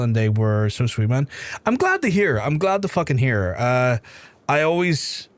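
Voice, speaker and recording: A man in his thirties with a softened Belfast accent, chatting casually on a live stream, reading out chat and swearing freely. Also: mid-range voice. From Northern Ireland.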